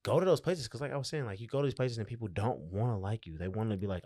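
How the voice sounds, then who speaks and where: A man with a fairly low voice talks loosely in casual podcast chat, joking and swearing as he goes. The sound is dry and close, with no room echo at all. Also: very fast, a little mellow. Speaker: comedian, podcast co-host.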